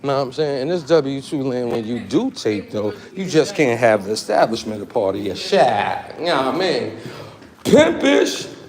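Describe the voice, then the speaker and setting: A man walks around his workplace vlogging on a handheld phone, giving casual commentary in streetwise slang and jumping between topics. His mid-range voice is darkish with lively intonation, at normal speed with hardly any pauses.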